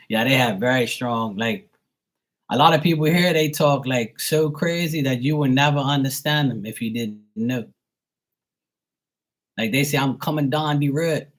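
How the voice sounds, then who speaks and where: A man's voice: mid-range voice, a little slow, pauses often, fairly bright tone. A young man from Bermuda with a mild Bermudian accent, chatting casually on a livestream, rambling with fillers and repeated words. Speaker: live tarot reader.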